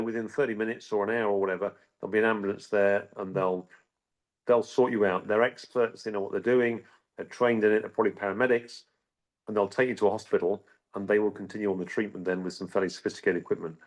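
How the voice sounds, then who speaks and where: A middle-aged man telling a personal story in an interview, halting, with frequent restarts and repeated words. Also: lowish voice, fairly even intonation. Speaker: interview guest.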